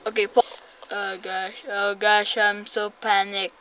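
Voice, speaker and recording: A young woman with a Filipino accent commenting on a game she is playing, excitable and jumpy, jumping between loud panicked cries and low mutters. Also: takes it slowly. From Philippines. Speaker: gamer. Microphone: phone mic. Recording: dull lo-fi phone recording with faint noise.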